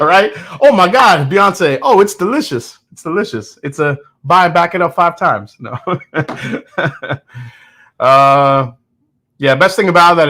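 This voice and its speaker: Bright-voiced man chatting on a whiskey stream. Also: mid-range voice. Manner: candid, joking, with frequent restarts and laughs. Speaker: whiskey reviewer hosting a live stream. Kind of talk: casual live-stream chat, reading viewer comments.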